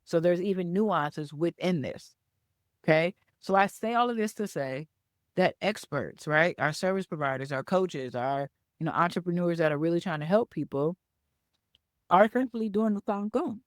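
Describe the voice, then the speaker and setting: A woman's voice: on the low side, moderate pace, no echo. Woman, podcast host, casual teaching tone, checks in often with the listener, repeats words for emphasis, dry close sound. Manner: conversational storyteller, keeps checking in with "okay?" and "right?". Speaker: podcast host and business coach.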